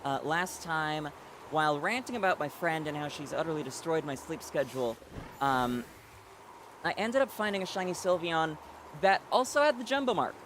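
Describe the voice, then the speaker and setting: Male game streamer, casual live chat to viewers, slightly raised pitch, lots of ums and restarts. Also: normal speed, a bit bright, a little hiss or hum. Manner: chatty, reads chat aloud, many fillers and restarts.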